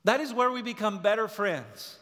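Male pastor, higher voice, earnest sermon delivery, long reverb of a church hall. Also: lively intonation, moderate pace. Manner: earnest preaching, swinging from loud urgency to hushed tenderness.

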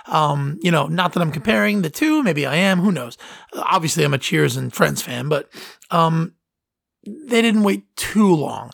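A man's voice: a little high, creaky, fairly bright tone, no room sound, clean studio sound. A man hosting a podcast in casual chat, rambling and enthusiastic with lots of fillers and restarts. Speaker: podcast host.

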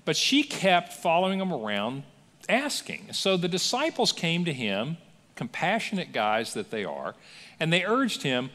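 A man preaching a sermon as pastor, telling stories with lively acted-out quotes in a church. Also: a little high, normal speed, big-room sound. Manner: animated storytelling with acted-out quotes. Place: church sanctuary.

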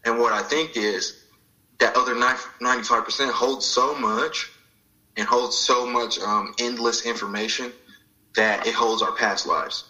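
A man's voice: mid-range voice, steady tone, a little slow, pushed and bright, low-quality recording. A man sharing a personal spiritual story in an interview, reflective and acting out the voices of people he quotes. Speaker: guest.

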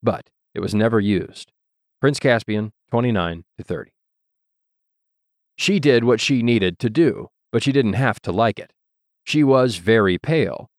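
A man narrating an audiobook in a measured, literary reading style. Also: on the low side, expressive, dry recording, studio quality. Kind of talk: scripted narration.

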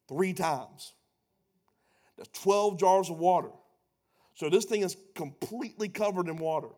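A man preaching a sermon, animated and sarcastic, swinging between loud retellings and hushed asides. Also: sits high.

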